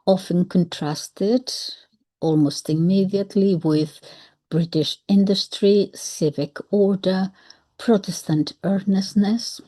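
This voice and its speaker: A woman giving measured, analytical commentary on a historical book, with occasional soft whispered asides. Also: mid-range voice, steady tone. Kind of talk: reflective commentary.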